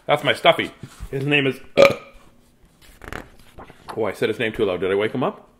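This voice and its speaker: A man's voice: mid-range voice, moderate pace, long pauses, a bit bright, a little hiss or hum. A man from Canada telling a funny story and reading a children's book aloud in a playful, joking way.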